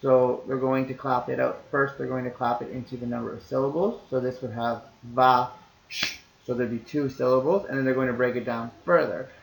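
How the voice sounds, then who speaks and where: A man's voice: mid-range voice, steady tone, fairly quick, creaky, hardly any pauses, reverberant, a little hiss or hum, low-quality recording. A man teaching, explaining to parents in a recorded lesson in an easygoing, reassuring way, talking things through step by step.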